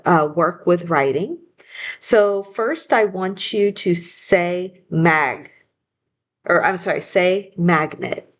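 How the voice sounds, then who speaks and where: A woman teaching a phonics lesson, patiently sounding out words syllable by syllable and correcting herself with small apologies. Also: on the low side. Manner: self-correcting, apologetic asides. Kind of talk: phonics lesson, slow dictation.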